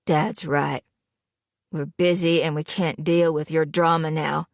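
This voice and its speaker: A woman's voice: level tone, a little slow, creaky, dry recording, clean studio sound. A woman doing a cold, bitter young man. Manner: curt, bitter, low-voiced. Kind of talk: audiobook character voice.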